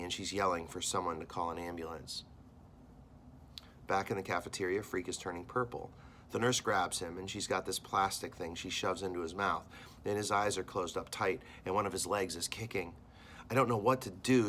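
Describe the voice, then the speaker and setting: An American man, a teacher, reads a novel aloud to his class and stops to talk about it, acting out the characters' lines with lively swings in his voice. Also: a little hiss or hum. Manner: animated reading, voicing characters with big jumps in pitch.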